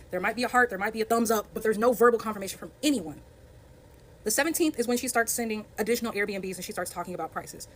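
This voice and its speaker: A woman's voice: fairly high pitch, bright, forceful tone. A woman telling her side of a dispute in a storytime vlog, reading out screenshots and stressing her points in an emphatic, defensive way. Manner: emphatic and defensive, walking through evidence point by point.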